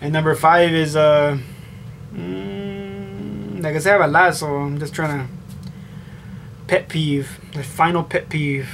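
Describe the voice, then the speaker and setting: A man's voice: fairly high pitch, steady tone, slow pace, gravelly, a bit bright, a little hiss or hum. A young man chatting casually on camera, answering tag questions in a blunt, rambling, profane way. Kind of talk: casual chat.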